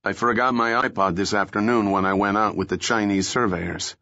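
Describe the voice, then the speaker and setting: A man voicing a calm, unflappable male operative leader who speaks smoothly with dry humor in an audiobook reading. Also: lowish voice, fairly quick, lo-fi sound. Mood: calm, wry. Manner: calm, smooth, dryly joking.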